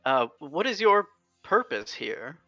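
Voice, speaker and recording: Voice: a man playing a goofy young adventurer. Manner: excited, rambling, full of hesitations, pitched well above his own voice. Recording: dry, dull lo-fi mic. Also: takes it slowly, no room sound, soft background music, exaggerated voice. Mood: earnest.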